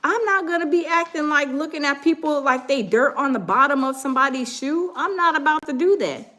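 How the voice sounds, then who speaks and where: An excitable woman hosting a live stream talks through breaking news in a high voice. She chats loosely with her viewers and slows down to read headlines aloud. Her tone is bright and sharp. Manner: excitable, chatty, reads headlines aloud slowly. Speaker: livestream host.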